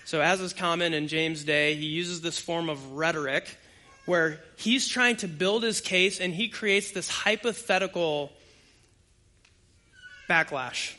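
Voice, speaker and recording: A male pastor preaches with a bright, forceful tone and a voice that sits a little high for a man. He talks conversationally and hits his points hard. He speaks straight to the people in front of him. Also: measured pace. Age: adult with young children. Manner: conversational, emphatic preaching that addresses the congregation directly. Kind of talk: expository sermon.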